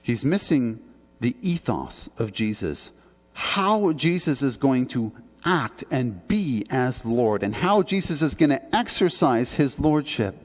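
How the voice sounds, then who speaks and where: Faint music plays behind a Canadian pastor as he preaches a sermon in a church sanctuary, slowly and in a sing-song, medium-pitched voice. He is earnest and conversational, stressing key points with emphatic rises, under long church reverb.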